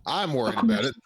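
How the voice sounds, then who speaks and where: A man's voice: lowish voice, husky. A man casually playing a tabletop role-playing game, laughing often and swearing as he jokes around in and out of character. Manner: laughing, crude, animated. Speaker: player.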